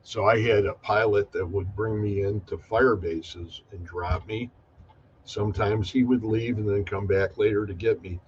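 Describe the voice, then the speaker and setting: A man guest recounting his memories in a plain, slightly halting storytelling manner. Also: on the low side, steady tone, muffled recording, a little hiss or hum. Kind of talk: casual interview, recounting memories.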